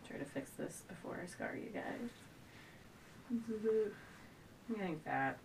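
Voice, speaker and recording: Pregnant young mom rambling at home, kinda far from the cam, faint rumble under it. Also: female voice, expressive, unhurried, vocal fry. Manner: rambling, chatty, trails off and restarts often. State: pregnant, often out of breath. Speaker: stay-at-home mom vlogger. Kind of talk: casual chat to camera. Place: at home indoors. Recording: a bit distant from the camera, faint low rumble.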